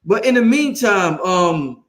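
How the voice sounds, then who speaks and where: Male livestream host with a high voice, hyped and confident, casual and swearing, in a roomy space. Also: slow pace. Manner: hyped, excited and self-assured, swears freely. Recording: roomy, echoey room sound.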